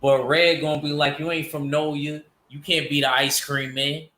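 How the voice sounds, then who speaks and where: A man's voice: a little high, flat delivery, moderate pace, pushed and bright, reverberant. A man hosting a casual boxing livestream, rambling loosely and answering his chat. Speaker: boxing show host reading chat.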